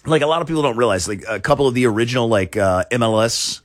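A man's voice: mid-range voice, lively intonation, fast, no room sound, studio quality. A man hosting a talk show, chatting casually in a rambling way with many restarts and chuckles. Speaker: show host.

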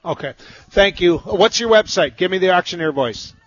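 A man hosting a radio talk show, brisk and conversational with a caller. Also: sits high, expressive, fairly bright tone, breathy edge, dry recording, lo-fi sound, faint music behind.

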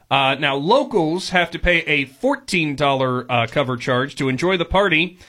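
Man, radio morning host, bright voice, fairly high, jokey, wry. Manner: jokey, wry, chuckles while reading stories. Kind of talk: casual radio banter.

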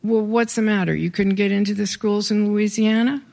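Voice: mid-range voice, steady tone, normal speed, creaky, a little mellow, natural voice. A reader voicing a sardonic older male populist governor who asks dry, needling questions.

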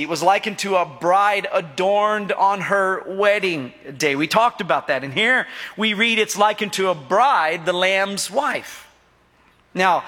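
A middle-aged male pastor preaches with a high, bright, ringing voice. He jokes, tells stories and keeps asking the church to answer back. His voice carries a long reverb through the church hall. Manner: jokey, storytelling, asks the congregation for responses. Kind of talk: sermon.

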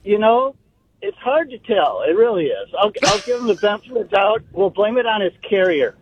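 A man's voice: sits high, sing-song, a little fast, noisy background. A man calling into a radio talk show, chatty and wry, heard over a phone line. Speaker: caller. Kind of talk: call-in radio chat.

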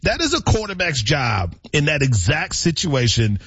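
Sports radio cohost guy, swoopy excited voice, raspy, super dry lo-fi sound. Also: fairly high pitch, moderate pace, dry recording. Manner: animated, self-mocking, rambling. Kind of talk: casual sports talk.

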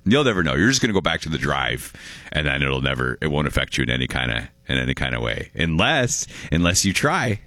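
Male radio host, low but lively voice, bright and dry, rambling and jokey. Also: fast, no echo. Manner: playful, rambling, laughs often. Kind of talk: casual call-in radio chat.

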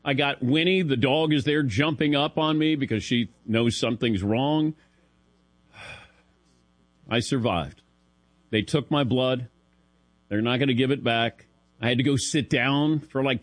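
A middle-aged man hosting a sports talk show, telling a self-deprecating story in a casual, animated way into a studio mic. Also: mid-range voice, a little slow, long pauses, dry recording. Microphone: studio broadcast mic.

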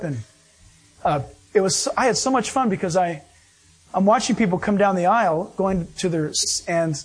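A man preaching a sermon, telling stories with animated delivery and acting out other people's voices. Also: sits high. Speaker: pastor.

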